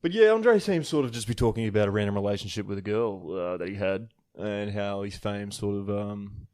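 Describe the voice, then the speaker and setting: A man co-hosting a podcast in casual chat, relaxed and agreeable, with lots of fillers. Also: lowish voice, fairly quick, clean tone, no echo, clean studio sound. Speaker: podcast co-host.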